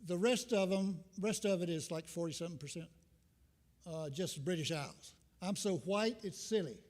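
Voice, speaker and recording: A man's voice: high voice, normal speed, darkish tone. Older man preaching in an echoing church. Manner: rambling, folksy, self-deprecating humor. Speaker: visiting minister. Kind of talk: informal sermon. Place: church sanctuary. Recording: long reverb from a church hall.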